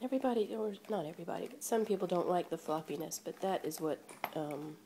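A woman vlogging an unboxing on a handheld phone, gushing and gasping with breathless excitement. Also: fairly low pitch, fast talker, background noise. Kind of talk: casual unboxing chat. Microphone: phone held in hand.

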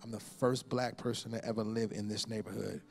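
A pastor in his forties delivering a sermon, telling a personal story with lively impressions of the people in it. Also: on the low side, fairly quick, creaky. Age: 40s. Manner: storytelling with animated impressions and laughter.

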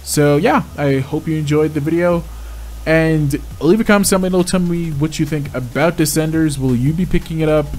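A man's voice: on the high side, moderate pace, darkish tone, a little hiss or hum. A man giving chatty gameplay commentary as a game reviewer, exclaiming often and laughing at his own mistakes. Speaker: game reviewer and channel host.

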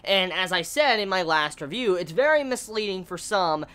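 A woman's voice: fairly low pitch, lively intonation, moderate pace, a bit bright. A woman reviewing an anime episode in a casual video rant, exasperated, swearing often and stammering over repeated words.

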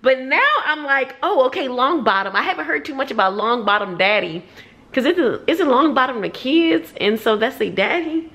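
A woman vlogging about her reading in a casual, animated way, blunt and profane, with frequent laughs. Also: sits high, normal speed. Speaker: book vlogger. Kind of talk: casual reading vlog chat.

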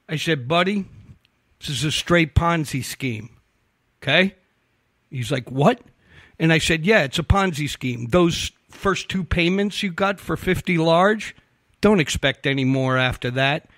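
Fast-talking, profane male storyteller. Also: on the high side, no echo, studio quality. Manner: animated, profane storyteller acting out quotes. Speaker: investigative reporter guest. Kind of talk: casual storytelling on a talk show.

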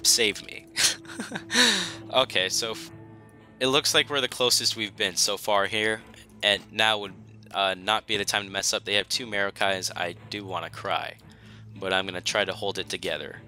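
A man's voice: fairly low pitch, steady tone, moderate pace, sharp tone, faint music behind. A young man commentating his own strategy game, pleading and joking at the enemy in a dramatic, self-mocking way. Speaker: gaming YouTuber. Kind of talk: gameplay commentary.

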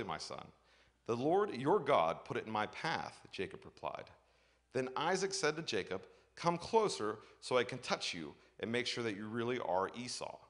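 A man's voice: medium pitch, a bit bright. A man preaching a sermon, reading scripture aloud and then explaining it in casual asides, checking in with listeners after each point. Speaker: pastor.

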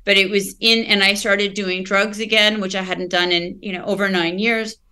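A woman's voice: medium pitch, little pitch movement, normal speed, sharp tone, clear, resonant tone. A woman, a podcast guest, telling her personal story candidly and reflectively, often searching for words and restarting.

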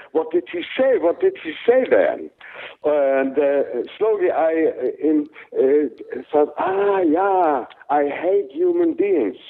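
An older man with a German accent, a German native speaker, speaking haltingly in an interview with many fillers and restarts. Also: on the high side. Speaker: interviewed actor. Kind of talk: casual interview talk. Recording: tinny phone-like sound.

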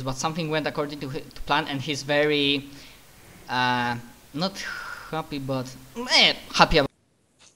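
A man narrating a tabletop game as game master, halting and full of fillers. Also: fairly high pitch, bright, forceful tone.

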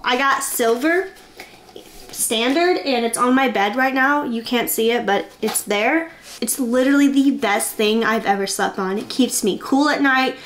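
A young woman vlogging from her bedroom in a chatty, excitable, rambling way. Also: on the high side, slight background noise. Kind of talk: casual vlog chat.

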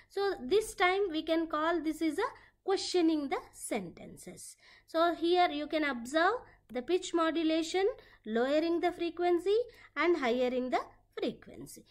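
A woman's voice: high-pitched, darkish tone. A woman giving a classroom lecture, explaining step by step and repeating her phrases.

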